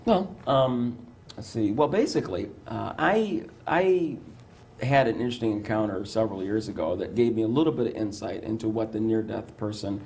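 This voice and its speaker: A middle-aged man, a psychiatrist, telling a personal story in an interview, animated and stumbling over restarts, acting out the lines he quotes. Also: fairly low pitch, moderate pace, gravelly. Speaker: psychiatrist guest.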